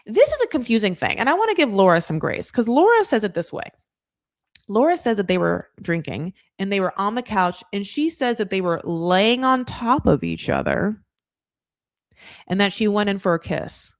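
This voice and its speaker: A woman's voice: medium pitch, very animated, no room sound, clean studio sound. A woman hosting a casual reality TV recap, talking in a rambling, chatty way full of fillers. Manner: acts out cast members in quick quoted voices.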